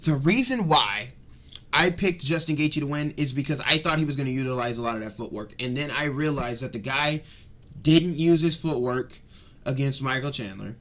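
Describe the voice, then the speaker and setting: A young man giving a fired-up, rambling breakdown of a fight, swinging between loud rants and muttered asides. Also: mid-range voice, normal speed. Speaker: MMA commentary vlogger.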